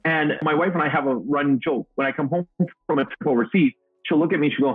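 A middle-aged man with a slightly raised, husky voice tells upbeat stories as a guest speaker. His sound is dry and thin, like a phone-quality remote call, with faint music underneath. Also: fairly high pitch, quick pace, few pauses, no echo. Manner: upbeat, self-described goofball, acts out quotes. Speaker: guest, motivational speaker and trainer. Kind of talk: energetic storytelling interview answer.

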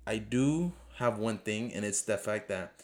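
Man, low voice, hosts his own podcast; rambles unscripted, earnest and repetitive; English as a second language. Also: measured pace. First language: not English. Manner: rambling, talks off the cuff; earnest, pleading, repeats himself. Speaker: podcast host. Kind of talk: casual solo podcast review.

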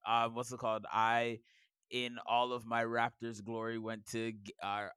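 A man with a hoarse, scratchy edge on an otherwise smooth, clear voice, chatting casually as a podcast co-host. He laughs easily and tells stories at a relaxed middle pitch. The sound is close and dry, with no room behind it. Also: normal speed, dry recording. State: hoarse, losing his voice. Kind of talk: casual chat.

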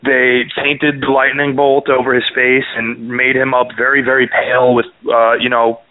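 A man from Canada, a co-host on a radio talk show, telling a family story in a wry, unhurried way. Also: mid-range voice, monotone, no echo. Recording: phone-like narrow sound, dry.

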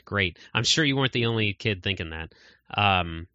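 A man hosts a podcast in loose, rambling casual chat that is full of fillers. His voice sits a little low with a bright, forceful edge. The recording is dry and close. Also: animated, moderate pace, no echo, dull audio. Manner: rambling, many fillers and laughs. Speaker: podcast host.

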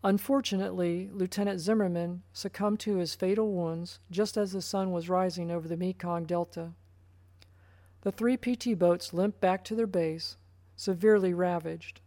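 A woman reading a first-person story aloud in a plain, even narrating voice. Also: fairly low pitch, moderate pace, no echo.

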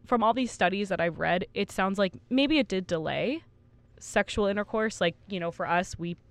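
A woman's voice: fairly low pitch, no room sound. A woman in her twenties co-hosting a casual podcast, reading study findings aloud and laughing at her own slips. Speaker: podcast co-host.

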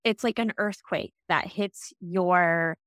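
A woman in her late thirties tells a personal story in an earnest, reflective, conversational manner, livening up when quoting others. Her fairly low voice moves at a slow pace, with no room sound.

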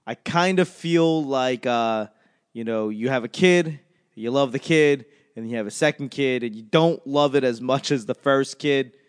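A man's voice: medium pitch, measured pace, clean tone. A man working as a stand-up comedian, talking in a casual, rambling monologue. He swears often, mocks himself, and trails off and restarts his sentences. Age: adult. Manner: profane, self-deprecating, trails off and restarts.

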